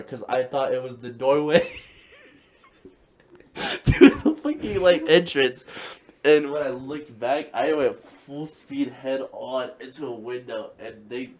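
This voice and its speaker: A young man telling a long story in casual chat, rambling and laughing as he goes. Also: medium pitch. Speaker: podcast co-host.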